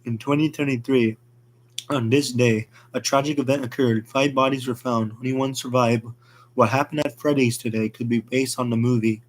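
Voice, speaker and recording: A man narrating an amateur horror story in a plain, hurried reading with small slips. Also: medium pitch, fairly even intonation, a little hiss or hum.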